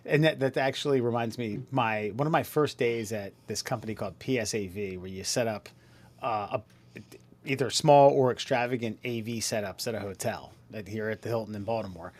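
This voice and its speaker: A man's voice: fairly low pitch, a little fast. A man co-hosting a podcast, telling work stories in a playful way and acting out the people in them. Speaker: podcast co-host. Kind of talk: casual chat, storytelling.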